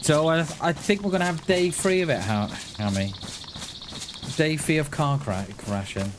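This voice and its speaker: A man's voice: fairly high pitch, animated, moderate pace, noisy background. Rambling man streaming a game. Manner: rambling, thinking aloud with frequent restarts and chuckles. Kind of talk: casual live-stream chat while gaming.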